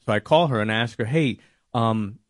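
Man, mid pitch, personal testimony, animated storytelling, voices his own quotes, dry sound. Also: moderate pace, no echo. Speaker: testimony speaker.

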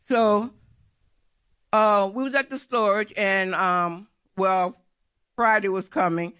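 A woman's voice: medium pitch, steady tone, takes it slowly, a bit bright, clear, resonant tone. A middle-aged woman telling a personal faith testimony in an earnest, repetitive storytelling way. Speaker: churchgoer giving testimony.

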